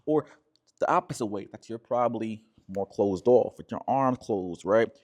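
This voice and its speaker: A man's voice: on the low side, normal speed, a little mellow, highs cut off. A man coaching listeners on relationships, talking emphatically and checking in with a frequent "right?". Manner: emphatic, repeats "right?" often, acts out quoted voices. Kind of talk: direct-to-camera coaching talk.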